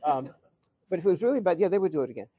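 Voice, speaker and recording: Brief: older male guest speaker, slightly high voice, dry close sound, animated chuckling anecdotes. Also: racing, no room sound. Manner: animated, chuckling storyteller with frequent restarts. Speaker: guest speaker answering audience questions. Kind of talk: live Q&A anecdote telling. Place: event hall before an audience.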